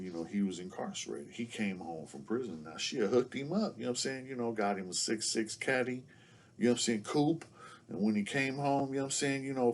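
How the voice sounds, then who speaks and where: A man tells a loose, casual story as a guest, at a medium pitch. He fills almost every phrase with "you know what I'm saying" and "you know." He keeps a relaxed, unhurried pace.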